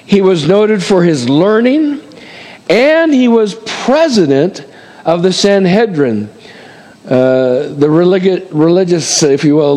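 A man's voice: high voice, warm tone. A middle-aged male pastor preaching a conversational sermon, full of asides and rhetorical "amen?" and "right?" checks. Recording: long hall reverb.

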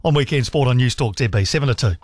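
A man with a New Zealand accent hosting a radio sports show, bantering in a relaxed way. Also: mid-range voice, rapid-fire, noisy background. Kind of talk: casual radio sports chat.

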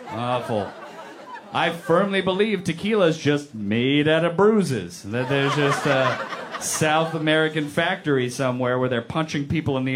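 A man's voice: fairly high pitch, heavy background noise. A man doing a stand-up comedy set, emphatic and repeating words for comic effect.

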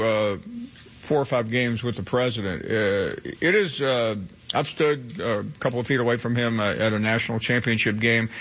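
A man hosting a radio call-in show, answering callers in a measured way with frequent pauses. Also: medium pitch, a bit bright, dull audio. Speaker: radio talk host.

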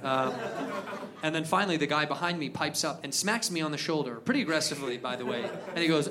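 A high-pitched male stand-up comedian performs a brisk set at a live comedy venue. He tells stories in an animated way, acting out characters, as the audience laughs and crowd noise fills the room.

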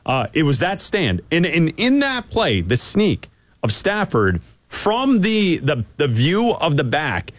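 A man co-hosting a sports radio show, chatty and teasing with his partner and reading promos briskly. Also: fairly high pitch, wildly swooping pitch, no echo. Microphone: studio microphone.

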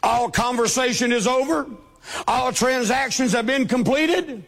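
High-pitched gravelly preacher shouting. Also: male voice, a little slow. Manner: shouting preacher cadence, acting out quoted voices. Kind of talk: sermon. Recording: long hall reverb.

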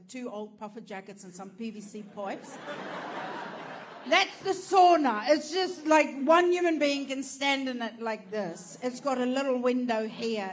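A woman's voice: fairly high pitch, a little hiss or hum. A woman telling a stand-up comedy story in a crude, profane, self-mocking way. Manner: lively, animated delivery.

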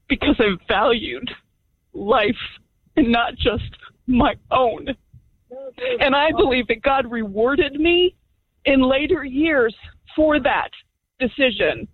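A woman's voice: sits high, animated, takes it slowly, pauses often, breathy edge. Impassioned woman caller on a phone line. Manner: impassioned, personal testimony. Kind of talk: call-in radio talk.

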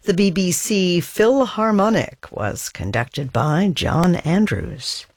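A woman's voice: lowish voice, sing-song, slow, dry recording, studio quality. A woman hosting a classical music radio program, announcing pieces and chatting conversationally.

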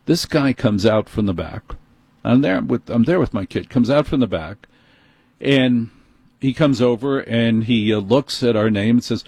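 A husky-voiced radio host with a New York accent, close on a studio mic in a dry booth. He tells his story in an animated, indignant way. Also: mid-range voice, unhurried, no echo. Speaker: radio talk show host. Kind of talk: call-in talk radio monologue. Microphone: studio microphone.

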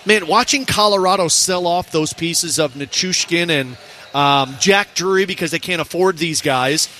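A man's voice: fairly high pitch, sharp tone, slight background noise. A man hosting a sports broadcast from an arena event, chatting casually and joking with his co-host. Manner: chatty, joking, quick to laugh.

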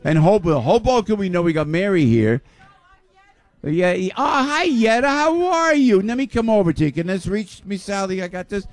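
A man's voice: high voice, lively intonation, moderate pace, no room sound. An older man hosting a live radio show before a crowd in a restaurant, greeting people exuberantly and repeating his phrases. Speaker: radio host.

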